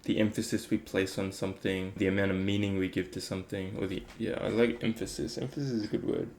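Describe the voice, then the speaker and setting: A low-voiced man with a gravelly edge talks in a flat, even tone. He muses aloud in a relaxed, reflective way, wandering through his thoughts with plenty of fillers. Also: fast talker, slight background noise. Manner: rambling, thinking aloud with many fillers. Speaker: meditation vlogger. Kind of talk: casual reflective talk.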